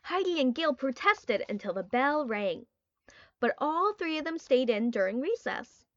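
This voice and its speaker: A woman narrating a children's book in an expressive storytelling style. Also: a little high, no room sound, highs cut off. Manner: expressive storytelling with quoted character lines. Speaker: audiobook narrator. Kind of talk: scripted narration.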